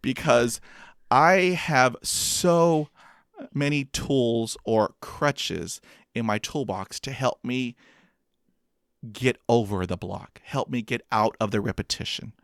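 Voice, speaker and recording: Speaking slowly in a mid-range voice, this man stutters through blocks and repeated sounds while he acts out quotes in a self-deprecating personal anecdote. He is an adult with a master's degree, recorded at studio quality with no echo.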